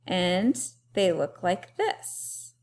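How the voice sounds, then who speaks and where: A woman teacher giving a remote lesson to young children, talking clearly and having them repeat words after her. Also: fairly low pitch, sing-song, darkish tone. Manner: slow, clearly paced teacher talk with call-and-repeat.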